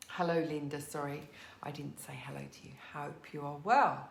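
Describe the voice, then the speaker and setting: Gentle woman teaching yoga in an echoey room. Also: low-pitched, steady tone, normal speed, gravelly, slight background noise. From England. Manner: gentle, encouraging cues, greets students by name. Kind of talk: live online yoga class instruction. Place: living room at home.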